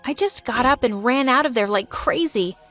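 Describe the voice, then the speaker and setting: A woman's voice: fairly high pitch, normal speed, a bit bright, faint music behind. A woman narrating a first-person storytime in a dramatic, emotional way and voicing the other people in it.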